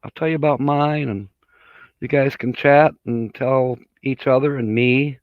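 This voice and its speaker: A man's voice: mid-range voice, steady tone, a little slow, no room sound, phone-quality sound. A man hosting a casual livestream chat, rambling in a folksy way and laughing at his own jokes. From Michigan. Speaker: livestream host.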